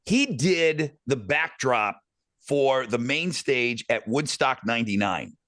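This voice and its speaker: A man's voice: mid-range voice, animated, slow pace, a bit bright, dry recording, clean studio sound. A middle-aged man hosting a podcast, telling a rambling anecdote with lots of fillers. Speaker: podcast host. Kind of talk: casual storytelling chat.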